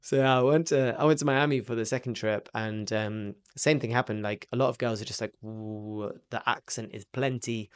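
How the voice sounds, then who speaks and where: A man's voice: medium pitch, fairly even intonation, a little fast, few pauses, clear, resonant tone. A young man with an English accent rehearsing a stand-up routine, telling stories in a rambling way with lots of fillers. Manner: rambling, filler-heavy storytelling. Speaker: aspiring comedian and rapper.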